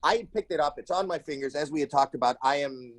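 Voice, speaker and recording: Animated storytelling man, dry close sound. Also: fast talker, dry recording. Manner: animated, acts out the people in his stories with sudden shrill cries. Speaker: comedian guest. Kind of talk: animated storytelling in a casual interview. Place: home.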